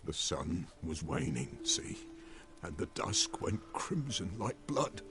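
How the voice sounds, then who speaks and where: A haunted rustic villager. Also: male voice, low-pitched, big pitch swings, slow, heavily acted. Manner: rustic dialect, pleading and grim. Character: shaken male villager haunted by a massacre. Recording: game audio with loud music.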